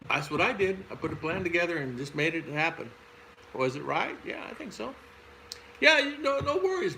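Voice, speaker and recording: Livestreaming from his home in the Philippines, an older Southern American host rambles through viewer comments with frequent chuckles. He has a high-pitched, pushed, bright voice with vocal fry, captured in a low-quality recording with slight background noise.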